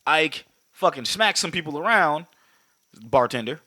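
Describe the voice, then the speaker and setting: A man co-hosting a podcast, recapping a film in casual, profane talk and acting out the scenes in quick voices. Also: on the high side, expressive, bright, forceful tone, no echo. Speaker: podcast co-host. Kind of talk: casual movie recap chat.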